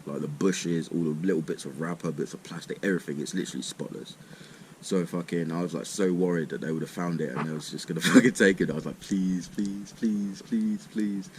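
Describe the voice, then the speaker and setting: Young man, very deep voice, rambling, sweary storytime. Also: fairly even intonation, quick pace, a little hiss or hum. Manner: rambling, swears a lot, says "mate" and "literally" often. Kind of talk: casual storytime monologue.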